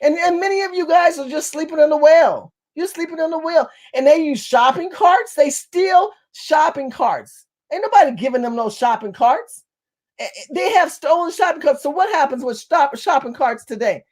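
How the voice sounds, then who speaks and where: A high-pitched woman from California delivers a fiery political monologue as a community activist. She talks quickly and forcefully, hammering her points home by saying them again and again. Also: lively intonation. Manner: fast-talking, forceful, repeats phrases for emphasis.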